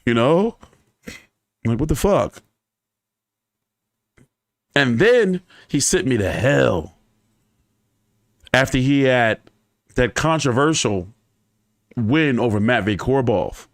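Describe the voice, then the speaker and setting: Man, boxing channel host, casual anecdotes, profane, expressive swinging pitch, close and dry. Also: slow pace, long pauses, dry recording. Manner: animated, profane, laughing anecdotes. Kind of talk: casual storytelling to viewers.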